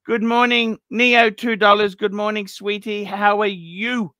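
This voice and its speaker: A man's voice: high-pitched, flat delivery, a little slow, bright, forceful tone, no room sound, clean studio sound. A man in his fifties hosting a casual livestream chat, blunt and profane, who talks over his guests. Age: 50s. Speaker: livestream host.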